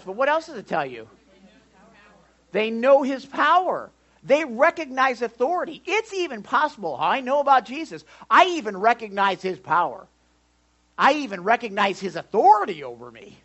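A man preaching a sermon in church, animated, swinging between loud and hushed and asking the congregation questions. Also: extremely high pitch, husky, low-quality recording. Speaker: pastor.

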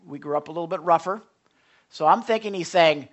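A man's voice: a little high, a little fast. A man of Italian background preaching a sermon as pastor, earnest and conversational, with frequent restarts.

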